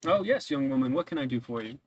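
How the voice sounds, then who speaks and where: A man's voice: mid-range voice, lively intonation, fast talker, a little mellow, dull audio, natural voice. A man voicing a polite, fussy older male librarian with old-fashioned formal manners in a tabletop game. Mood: helpful.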